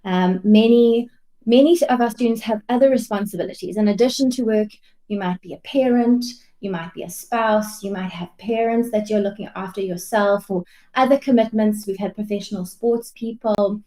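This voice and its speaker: A middle-aged woman, a head of department, explaining study programmes in a measured, clear way on a video call. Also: mid-range voice, mellow. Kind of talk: webinar presentation.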